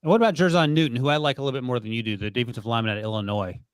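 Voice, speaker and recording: A male podcast host who rattles through his list at a brisk clip, ribbing his co-host as he goes. The sound is dry and close, with no room around it. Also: mid-range voice, clear, resonant tone, no room sound. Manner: quick, joking, teasing. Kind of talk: casual sports podcast chat.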